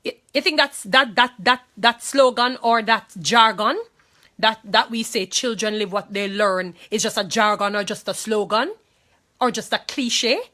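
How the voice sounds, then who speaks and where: A woman's voice: fairly high pitch, a little slow, pushed and bright. A woman with a Jamaican accent, speaking to viewers in an impassioned monologue. She talks emphatically, repeats phrases and pleads, distressed and angry.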